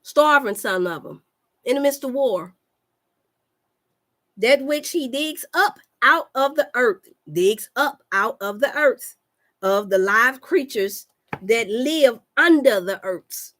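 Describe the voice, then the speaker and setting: Fervent preaching woman, higher voice. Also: expressive, slow, a bit bright. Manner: fervent, preacher-like, repeats lines for emphasis; calls out to listeners with "y'all". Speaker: health coach. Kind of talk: preaching livestream talk.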